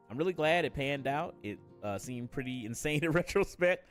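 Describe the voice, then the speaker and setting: A man streaming live while gaming, chatting casually with viewers in a relaxed way, swearing and laughing often, and nursing a headache. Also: fairly high pitch, normal speed, hardly any pauses, soft background music. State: has a headache.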